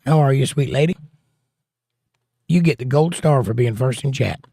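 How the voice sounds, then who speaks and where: A man's voice: mid-range voice, moderate pace, creaky, warm tone, husky, no echo, studio quality. A man hosting a casual livestream, greeting viewers and reading their chat comments aloud in a folksy, chatty way. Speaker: host.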